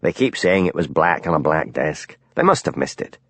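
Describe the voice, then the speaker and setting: A man's voice: a bass voice, sing-song, normal speed, a bit bright, voice pushed down, exaggerated voice. A man doing a frank, gossipy police colleague. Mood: matter-of-fact.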